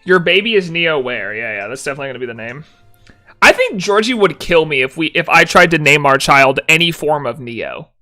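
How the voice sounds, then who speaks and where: On a live stream, a young man with a bright, high voice chats casually, acting playfully annoyed as he reads chat messages aloud and responds to them. His intonation is lively and his pace fairly quick, with faint music playing softly in the background.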